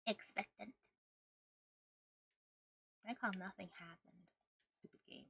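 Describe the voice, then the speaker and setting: A young woman streamer chatting casually with her viewers, bubbly and giggly, with a slightly rough morning voice. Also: mid-range voice, slow, sharp tone, no room sound. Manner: bubbly, giggly, greets chat one by one. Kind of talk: casual live-stream chat.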